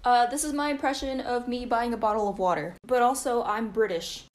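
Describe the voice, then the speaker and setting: A woman setting up a joke in a deadpan way. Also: fairly high pitch, a little fast. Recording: echoey room.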